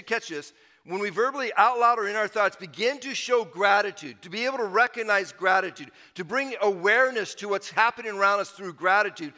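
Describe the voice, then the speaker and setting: A male pastor preaching a sermon in a big hall whose sound rings on after every phrase. His voice is bright and sits a little high for a man. He drives his points home by repeating them. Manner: emphatic, repeats key phrases.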